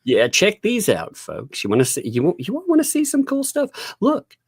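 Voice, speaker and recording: A man's voice: high-pitched, huge pitch swings, normal speed, few pauses, slightly rough, no echo, studio quality. A man hosting a casual livestream, rambling and laughing often as he chats with a guest. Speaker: livestream host.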